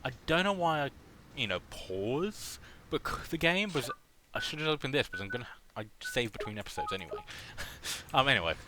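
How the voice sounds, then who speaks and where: A man's voice: fairly low pitch, animated, moderate pace, background noise. A man hosting a gaming channel, giving casual, rambling commentary over his playthrough. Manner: chatty, rambling, self-correcting.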